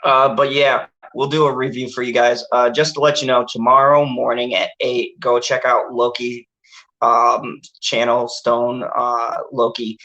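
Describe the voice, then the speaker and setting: Male host, casual and rambling, average pitch, filler-heavy delivery. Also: little pitch movement, measured pace, sharp tone, muffled recording. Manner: rambling, laughing, frequent fillers. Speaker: channel host. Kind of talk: casual movie review chat.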